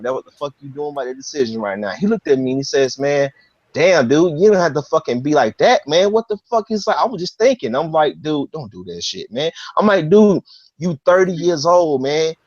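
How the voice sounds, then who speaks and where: A man's voice: on the high side, quick pace, no echo. A man recounts a story in a loose, fired-up way, swearing freely and tripping over his own restarts. The audio is dry and a bit dull. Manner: animated, profane storytelling with many restarts. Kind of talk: casual chat.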